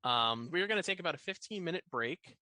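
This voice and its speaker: A man narrating and running a tabletop role-playing game as dungeon master, relaxed and hesitant, with plenty of fillers. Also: fairly high pitch, fairly quick, no echo.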